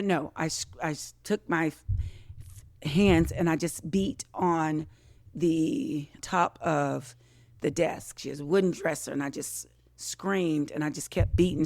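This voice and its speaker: A woman tells a personal story on a podcast, and her voice carries a gravelly, crackling edge. She speaks with feeling, circling back to the same phrases and slipping into the voices of the people in her story. The sound is dry and close. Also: low-pitched, dry recording. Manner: emotional, repeats phrases, acts out quoted voices. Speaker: podcast guest.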